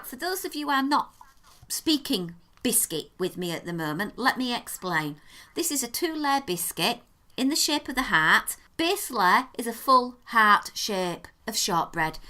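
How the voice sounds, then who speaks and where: Bright-voiced British woman, playful. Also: mid-range voice. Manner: playful, emphatic explainer. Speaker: podcast co-host. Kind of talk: casual chat.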